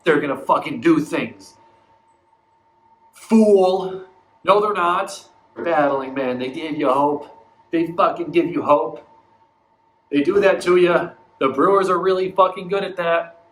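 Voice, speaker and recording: A man's voice: on the high side, steady tone, normal speed, roomy sound, low-quality recording. A man ranting about his baseball team in a casual vlog, profane and exasperated, acting out mocking voices as he goes. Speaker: baseball fan vlogger.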